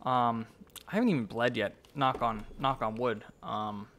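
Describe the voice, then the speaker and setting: A young man giving casual let's-play commentary, swearing and talking back to the monster, with sudden yells. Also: mid-range voice, normal speed. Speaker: gameplay commentator.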